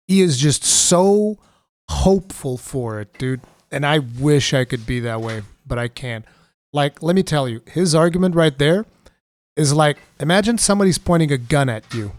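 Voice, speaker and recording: A man's voice: mid-range voice, dry recording. Profane, exasperated man reacting to a video. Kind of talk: casual reaction commentary.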